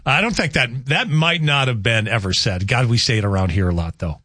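A man's voice: mid-range voice, lively intonation, fairly quick, pushed and bright, no room sound. Guy hosting morning radio, rambly and chatty, dry close studio sound. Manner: rambling, chatty, laughs easily. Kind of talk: casual radio chat.

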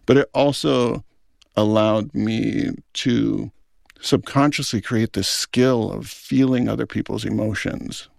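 A man's voice: lowish voice, steady tone, takes it slowly, creaky, a little mellow, no echo, studio quality. A middle-aged man, a film director, speaking in an earnest, thoughtful interview. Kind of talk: reflective interview talk.

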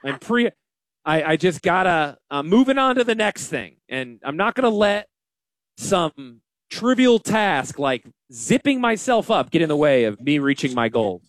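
A man hosting a casual radio talk show as a financial advisor, animated and self-deprecating. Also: fairly high pitch, unhurried, no echo.

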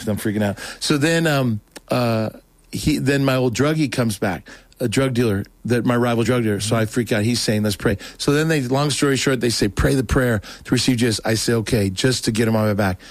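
A man's voice: mid-range voice, moderate pace, no echo. A man as a show guest, telling a rambling personal story in casual talk, acting out what people said. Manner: rambling, animated, acts out quoted voices.

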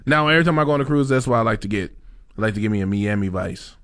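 A man's voice: lowish voice, rapid-fire, dry recording, studio quality. A man co-hosting a podcast, chatting casually with lots of joking and laughter. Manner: animated, laughing, joking banter. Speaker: podcast co-host. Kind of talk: casual chat.

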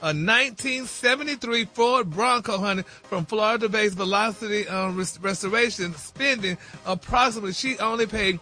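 Sassy high-voiced man dishing gossip. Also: moderate pace, few pauses, pushed and bright, soft background music. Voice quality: sassy, peppers talk with "honey" and "y'all". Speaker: celebrity news host. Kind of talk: radio morning show gossip segment.

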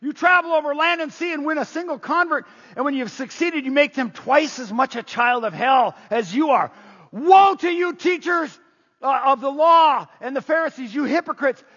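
A preacher shouting as a furious man denouncing hypocrites. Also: extremely high pitch, voice pushed up. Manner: loud, shouting, drawn-out accusations. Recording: echoey hall, dull lo-fi sound.

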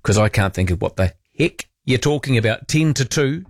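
A man's voice: medium pitch, expressive, moderate pace, slight background noise. A man hosting a talkback radio show, chatty, blunt and opinionated with callers. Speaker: talk radio host. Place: radio studio.

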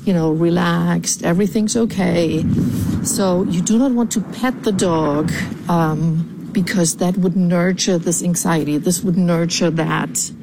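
A woman calling in to a podcast with a recorded voicemail, speaking deliberately with frequent ums. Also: on the low side, gravelly, background noise. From California. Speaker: caller.

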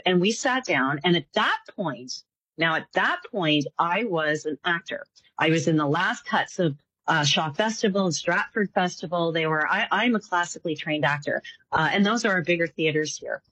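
Woman, animated storyteller, husky edge, dry close sound. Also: lowish voice, dry recording, low-quality recording. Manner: animated, acts out voices in her stories. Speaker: psychic guest. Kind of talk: casual storytelling interview.

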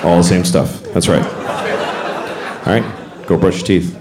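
A man doing a stand-up comedy routine on stage, telling wry, animated stories with exaggerated voices before a laughing audience. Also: low-pitched, measured pace. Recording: roomy stage sound with crowd noise.

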